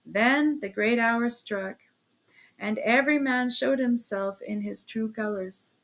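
Woman reading an outspoken young man in an audiobook; quick and emphatic. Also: fairly high pitch, fairly bright tone. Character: blunt outspoken young man, lively talker.

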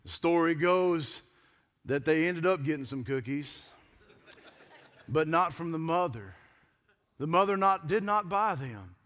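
Male preacher, high bright voice, lively storytelling sermon. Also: unhurried, long pauses. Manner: storytelling with emphatic build-ups. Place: church pulpit.

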